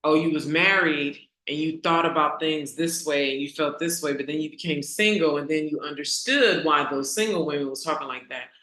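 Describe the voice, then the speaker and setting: A woman hosting a casual motivational talk for her online community, asking rhetorical questions and repeating key lines slowly for emphasis. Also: low voice, sharp tone, roomy sound. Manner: conversational, asks the audience rhetorical questions. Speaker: host.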